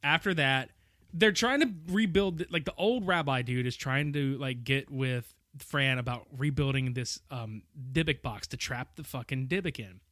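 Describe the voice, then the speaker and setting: A man's voice: mid-range voice, moderate pace, dry recording, studio quality. A man co-hosting a podcast, chatting casually about a cult film, laughing a lot and acting out the characters. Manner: animated, laughing, acts out movie characters in put-on voices. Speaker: podcast co-host. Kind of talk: casual film-review chat.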